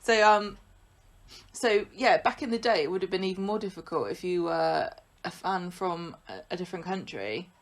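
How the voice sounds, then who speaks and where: A woman's voice: fairly low pitch, moderate pace. Teasing woman co-host. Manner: teasing, playful. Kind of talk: casual chat.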